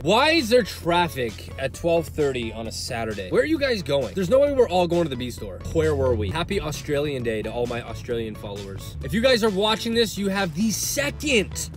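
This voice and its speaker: A young man chatting casually in a vlog, playful and self-mocking as he talks to his viewers. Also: on the high side. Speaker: vlogger. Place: home, later in a car.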